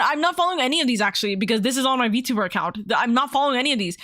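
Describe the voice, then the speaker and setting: A woman streaming from home as a VTuber, chatting casually in a rambling, excitable way and swearing freely. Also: a little high, rapid-fire, few pauses, no echo, studio quality. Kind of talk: casual livestream chat.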